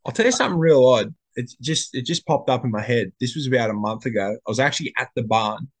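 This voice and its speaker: A man's voice: mid-range voice, animated, fast, breathy edge. A young man in casual chat, a rambling storyteller full of slang and restarts.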